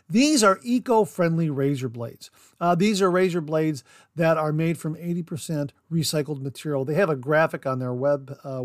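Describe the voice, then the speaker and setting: A man's voice: fairly high pitch, no room sound, studio quality. A man hosting a podcast, reviewing a product in casual, enthusiastic chat and often repeating words for emphasis. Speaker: podcast host.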